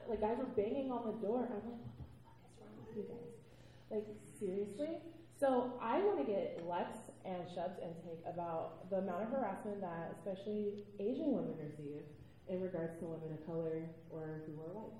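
A woman on a convention panel, telling blunt, animated stories and acting out what people said. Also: medium pitch, moderate pace, heavy reverb, slight background noise, rough recording. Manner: blunt, animated storytelling with acted-out quotes.

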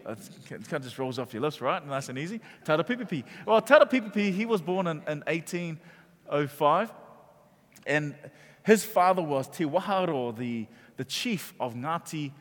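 A man preaching a sermon, calling out to his congregation and growing loud on key points. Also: fairly high pitch. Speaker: pastor. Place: church auditorium. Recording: long reverb from a large hall.

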